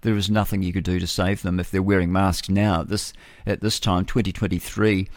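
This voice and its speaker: A man's voice: low-pitched, level tone, brisk, no echo, studio quality. A middle-aged man with a New Zealand accent hosting a breakfast radio show, rambling and opinionated, laughing at his own jokes. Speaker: radio host. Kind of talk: rambling talk-radio monologue. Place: radio studio.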